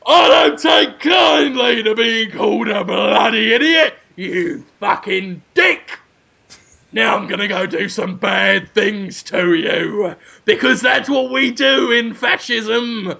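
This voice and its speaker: Brief: a man as a thuggish fascist cop, gravelly, bright and loud, slightly muffled audio. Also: high-pitched, slow pace, full character voice. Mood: angry. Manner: shouting, crude threats. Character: brutish foul-mouthed male fascist policeman.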